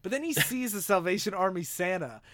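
A man's voice: high-pitched, lively intonation, a little fast, a bit bright, no room sound. A man co-hosting a podcast, summarizing a comic in casual chat and laughing as he goes. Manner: giggly storyteller, breaks into laughter. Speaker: podcast co-host.

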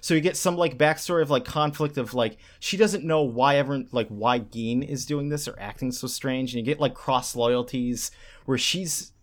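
A man's voice: medium pitch, normal speed. A man co-hosting a podcast, chatting casually and acting out character lines as he recaps an anime. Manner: animated, acts out character lines while recapping. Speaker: podcast co-host. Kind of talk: casual chat.

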